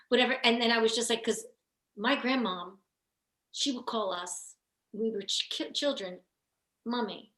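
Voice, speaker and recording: A woman's voice: a little high, fairly even intonation, normal speed, sharp tone. A woman guest, an actor, telling stories in a rambling way, full of restarts and "you know.". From Philadelphia area. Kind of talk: casual interview storytelling. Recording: roomy echo.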